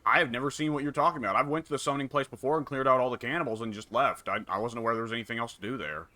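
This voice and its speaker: A man's voice: mid-range voice, rapid-fire, bright, forceful tone, no echo. A man hosting a casual gaming session with friends, dry and teasing. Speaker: channel host, gamer.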